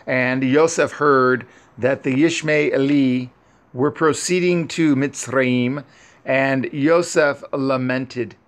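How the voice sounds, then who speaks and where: Slow, solemn man reading scripture. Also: mid-range voice. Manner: measured, solemn, pausing often. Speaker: scripture reader.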